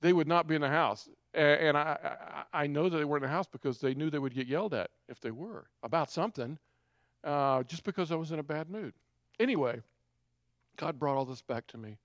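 A middle-aged man tells his personal testimony in an earnest, confessional tone. He speaks conversationally with a somewhat raised pitch. The sound is close and dry, with no room echo. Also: brisk, fairly bright tone.

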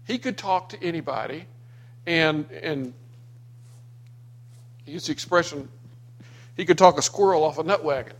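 Man telling family stories, a touch high. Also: moderate pace, long pauses. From Florida. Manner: anecdotal, acts out quoted people. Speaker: speaker sharing memories of his father. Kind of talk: personal storytelling to a small gathering.

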